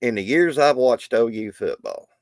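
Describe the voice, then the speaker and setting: A man's voice: mid-range voice, lively intonation, moderate pace, darkish tone, no echo, clean studio sound. A middle-aged man hosting a live stream, talking in a rambling, folksy way with many restarts. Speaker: livestream host. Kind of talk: casual live stream talk.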